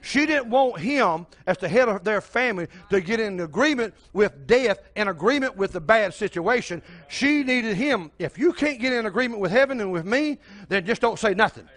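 A man's voice: high-pitched, animated, moderate pace, few pauses, fairly bright tone. An older man preaching a sermon as pastor, telling a story and speaking straight to the congregation.

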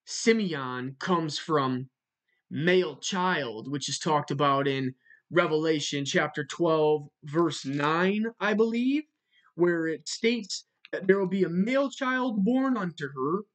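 A speaker giving a religious monologue in a measured way, spelling out words letter by letter and repeating them for emphasis. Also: medium pitch. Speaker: religious video narrator.

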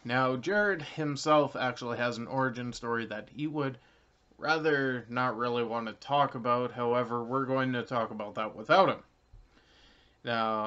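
This young Canadian man's mid-range voice sounds pushed and bright, clear and resonant as he casually explains something straight to camera for his channel's viewers. He rambles, filling gaps with many ums and uhs and chuckling lightly, on a slightly dull lo-fi recording.

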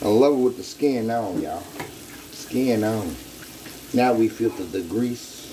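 A man's voice: on the low side, lively intonation, takes it slowly, warm tone, slight background noise. A man hosting his own home cooking video, hyped up and talking straight to his viewers in a casual way from his kitchen.

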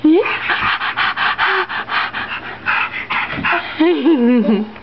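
A woman's voice: high-pitched, lively intonation, drawn-out words. A woman filming her twin babies at home, playing with them in sing-song baby talk that swoops up into squeals. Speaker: parent filming her twins. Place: home indoors. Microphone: handheld camera. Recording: muffled home camcorder audio with hiss.

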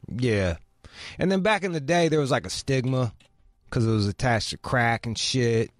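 A man hosting a show, talking in a casual, profane way that rises into loud outrage. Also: medium pitch, moderate pace, no room sound. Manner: animated, swearing, rising into loud outrage. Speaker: show host.

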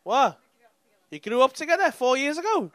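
A man's voice: extremely high pitch, big pitch swings, normal speed, a bit bright, slight background noise. A man doing crowd work at a comedy club, bantering with the audience in brash, sweary, teasing talk. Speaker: stand-up comedian.

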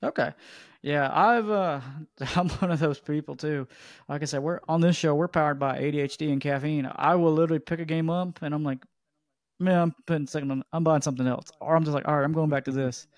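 Male podcast host, fairly high voice, rambling casual delivery, dry close mic. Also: fairly quick, no room sound. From Georgia, USA. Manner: rambling, animated storytelling.

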